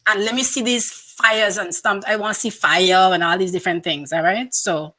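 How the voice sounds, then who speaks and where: A woman co-hosting a live-streamed special, giving upbeat shout-outs with many fillers. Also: mid-range voice, fairly even intonation, normal speed. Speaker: co-host. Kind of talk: live-stream casual chat.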